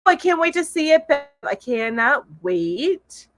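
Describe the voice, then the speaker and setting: Bubbly high-voiced woman live-streaming. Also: big pitch swings, a little slow, fairly bright tone, dry recording, soft background music. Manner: bubbly, giggly, coos at her cat. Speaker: live show host. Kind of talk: casual live-stream chat, reading comments.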